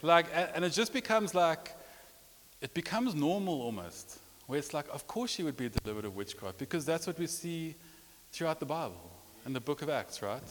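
A man's voice: a little high, animated, moderate pace, a bit bright. A man preaching a sermon, telling a personal story with repetitions and rising emotion. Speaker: pastor. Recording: long reverb of a large hall.

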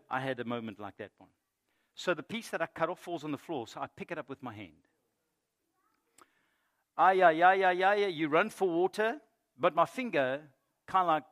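A middle-aged male pastor giving a sermon, moving between loud emphatic preaching and quiet storytelling. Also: on the high side, animated, brisk. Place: church.

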